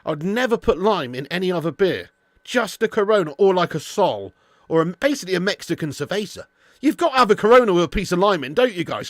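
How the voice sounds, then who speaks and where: Casual male stream host, slightly high, dry close mic, matey banter with viewers. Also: big pitch swings, quick pace, no room sound. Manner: chatty, banters with chat, calls viewers mate and lad. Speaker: football watch-along host. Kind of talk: casual live-stream chat.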